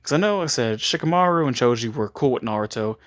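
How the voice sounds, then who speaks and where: A man's voice: mid-range voice, animated, fast talker. A man casually making up and retelling a story, rambling with frequent restarts and chuckles.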